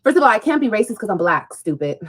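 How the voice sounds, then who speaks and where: A woman's voice: mid-range voice, big pitch swings, fast talker, breathy edge, low-quality recording. A woman ranting on a livestream, confrontational, profane and mocking, speaking straight to her viewers. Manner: addresses viewers directly.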